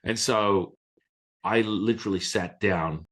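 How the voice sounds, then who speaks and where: Guy with a lowish voice telling a story, animated, casual, drops a swear now and then. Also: takes it slowly. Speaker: Taoist teacher, guest.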